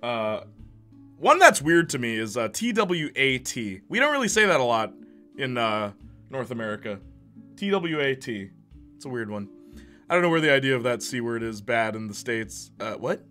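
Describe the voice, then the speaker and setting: A man's voice: mid-range voice, big pitch swings, moderate pace, pushed and bright, faint music behind. A young man from Canada, a streamer chatting casually with his viewers, loose and joking, laughing often. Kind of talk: casual chat, reading live chat.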